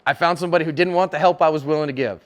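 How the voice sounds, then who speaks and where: A man's voice: fairly high pitch, fairly even intonation, racing. A middle-aged man giving a conference lecture as a self-defense instructor, speaking conversationally and acting out dialogue in character voices.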